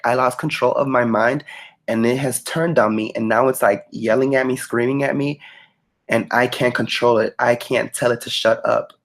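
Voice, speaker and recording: Male co-host, gravelly voice, casual and profane storyteller. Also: medium pitch. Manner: animated, profane, emphatic retelling.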